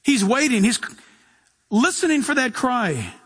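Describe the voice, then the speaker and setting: Animated high-voiced male pastor in a hall. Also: measured pace, husky. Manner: animated preaching, acting out voices and shouts. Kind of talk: sermon. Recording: long hall reverb.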